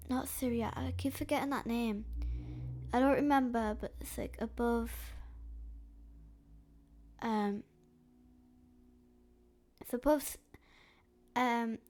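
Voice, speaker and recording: A woman narrates a map history video at an unhurried, halting pace. Her voice sits a little high and sounds stuffy from a snotty nose. She pauses often and fills the gaps with "um". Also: vocal fry, darkish tone. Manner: hesitant, slow, with frequent fillers. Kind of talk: slow narrated map commentary.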